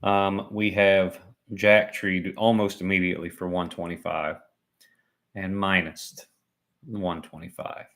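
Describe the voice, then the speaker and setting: A man's voice: low-pitched, little pitch movement, a little slow, a bit bright. A man doing chatty, self-mocking live commentary on a sporting event. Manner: chatty and joking, laughs at himself. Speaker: livestream commentator.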